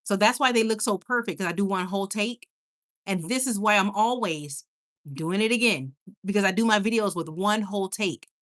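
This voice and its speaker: A woman's voice: medium pitch, moderate pace. Tired woman rambling on a late night livestream, laughing a lot, tripping over her words. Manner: chatty and animated, laughs often, stumbles and restarts. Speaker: YouTuber hosting a livestream. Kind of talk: casual livestream chat reading viewer comments.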